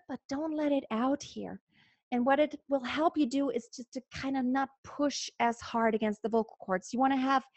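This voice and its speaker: A woman's voice: high voice, no room sound. A woman vocal coach giving a singing lesson in an earnest, instructive way, breaking off to sing examples. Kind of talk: singing lesson with sung demonstrations.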